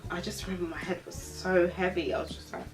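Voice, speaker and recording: A woman's voice: fairly low pitch, steady tone, fast talker, over music. A young woman vlogger telling a story in casual chat, frank and chatty, swearing freely and sipping a drink as she talks. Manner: sipping a drink while talking.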